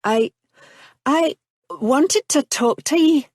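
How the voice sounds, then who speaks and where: A guarded young woman with a secret, as a woman narrator puts her on, her voice pitched high and tight with defiance. She speaks slowly in a dry, close audiobook recording. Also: expressive, a little mellow, no echo. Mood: hesitant.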